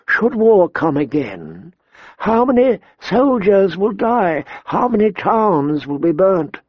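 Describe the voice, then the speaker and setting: A man voicing a weary, elderly male court scholar in an audiobook, speaking slowly with a quavering, drawn-out delivery. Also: a little high, no room sound, highs cut off, voice pushed up. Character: frail elderly male grand maester, weary and ponderous. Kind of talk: audiobook character voice.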